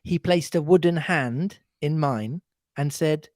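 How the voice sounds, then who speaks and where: A podcast co-host reading a classic mystery aloud in an expressive, animated way. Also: mid-range voice, slow, no echo. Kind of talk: reading a novel aloud with chat.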